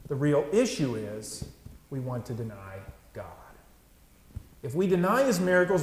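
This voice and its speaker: A man's voice: medium pitch, a little hiss or hum. Man preaching in an echoey church. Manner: conversational preaching with frequent "right?" asides. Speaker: pastor. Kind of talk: sermon. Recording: echoey church with long reverb.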